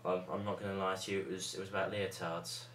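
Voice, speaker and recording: A man with a monotone, self-mocking manner, chatting and joking in a living room. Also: low voice, fast talker. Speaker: co-host of the ramble. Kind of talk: casual joking chat. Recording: roomy room, from far off, faint noise.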